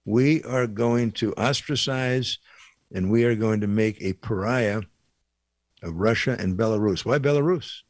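A man's voice: lowish voice, measured pace, dry recording. An older man giving a blunt, indignant opinion monologue, rambling with fillers and asides. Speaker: commentator.

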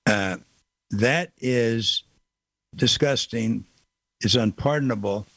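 A man's voice: medium pitch, fairly bright tone, dry recording. A man in the middle of his range talks straight into a studio microphone as the host of a call-in radio show. He is emphatic and folksy, and he often says a line twice to drive it home. The booth sounds dry, with no room around him. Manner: emphatic, repeats key phrases, folksy.

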